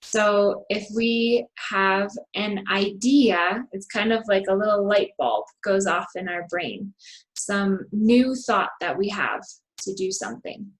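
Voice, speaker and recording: A woman teaching a language lesson at an unhurried pace, sounding out each word with care. Her pitch sits in a middle range, and she models sample sentences with heavy, deliberate stress. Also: poor audio. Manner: models sentences with exaggerated intonation. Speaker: English teacher. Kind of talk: slow, clearly enunciated vocabulary lesson.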